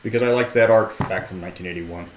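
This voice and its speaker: A man's voice: sits low, quick pace, noisy background. A man playing at a tabletop game, explaining rules and lore in a wry, easygoing way. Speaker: player and game writer. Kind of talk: casual tabletop game chat. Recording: roomy table recording.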